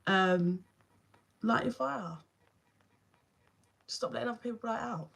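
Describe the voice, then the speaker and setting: A woman's voice: fairly high pitch, measured pace, vocal fry, a bit bright, breathy edge. A young woman with a London accent giving a tarot reading on a live stream from her phone. She chats casually, swears now and then and speaks to viewers by name. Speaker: tarot reader.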